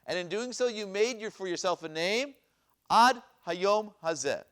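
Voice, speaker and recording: A man's voice: high voice, expressive, unhurried, fairly bright tone. A man teaching a Bible class as a rabbi, reading verses aloud and asking his listeners questions. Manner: asks questions and repeats them, reads Hebrew verses aloud. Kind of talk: classroom lecture with questions to the audience. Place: synagogue classroom.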